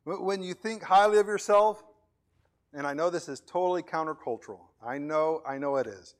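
Man, middle-aged, pastor, sermon, slightly high voice, repeats words. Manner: plain preaching with acted-out skits and quick voice changes; frequent repeated words and restarts.

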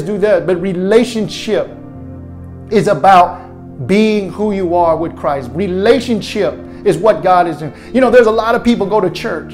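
A man's voice: high-pitched, a little mellow. A man preaching an earnest sermon to viewers watching at home, leading them in a spoken prayer. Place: his own online broadcast to viewers at home.

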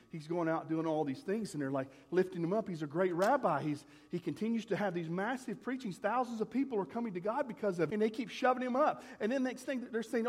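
High-voiced man preaching a sermon. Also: fast talker, few pauses, big-room sound. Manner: conversational preaching, rhetorical questions, recites a poem. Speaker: pastor. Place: church.

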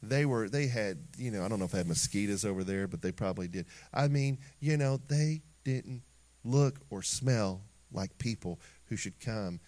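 A middle-aged man preaching a sermon in an animated way, acting out little scenes and dropping into quiet asides. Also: on the low side, moderate pace. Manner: animated preaching with acted asides and sung snippets. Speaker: pastor.

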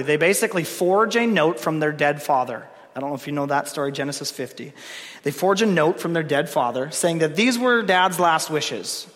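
A man's voice: fairly high pitch, fairly bright tone. Man preaching in a reverberant hall. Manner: conversational, laughs, dramatic reading of quotes. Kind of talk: sermon with scripture reading.

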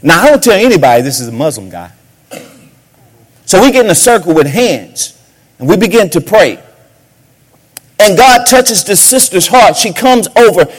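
A man preaching a sermon as a pastor, swinging between sudden shouts and hushed asides. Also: sits high.

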